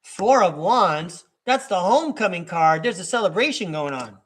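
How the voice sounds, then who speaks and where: A man's voice: high-pitched, expressive, normal speed, a bit bright. Chatty, rambling man reading tarot live. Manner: rambling and chatty, with many fillers and asides; chuckles between thoughts. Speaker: tarot reader and podcast host.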